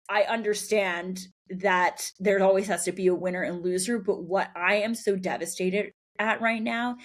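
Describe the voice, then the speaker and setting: An unhurried woman hosts her solo podcast and tells a personal story. Her voice sits at an ordinary middle pitch. She sounds candid and reflective, with soft laughs between phrases. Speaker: podcast host.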